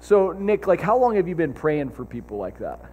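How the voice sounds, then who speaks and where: A man's voice: a little high, big pitch swings, normal speed, darkish tone, highs cut off. A man at a church service interviewing a guest, eager, chiming in and laughing often.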